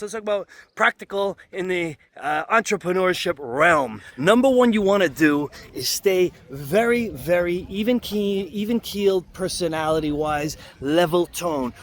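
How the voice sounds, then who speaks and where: A man with a notably high voice talks straight to the camera like a leadership host. He gives advice in a casual, emphatic way, circling back to make sure each point lands. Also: fairly bright tone, no room sound. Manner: emphatic, conversational, repeats points with "okay?".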